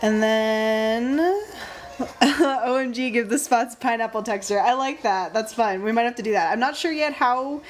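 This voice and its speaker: A woman's voice: on the high side, unhurried. A young woman casually chatting on a livestream while she draws, thinking aloud and greeting viewers by name. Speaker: livestream host drawing stickers.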